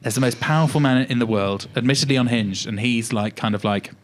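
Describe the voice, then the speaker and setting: A man's voice: medium pitch, fairly quick, slight background noise. A man in casual podcast chat, often restarting his sentences before landing on emphatic points. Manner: hesitant restarts, then emphatic. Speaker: podcast co-host.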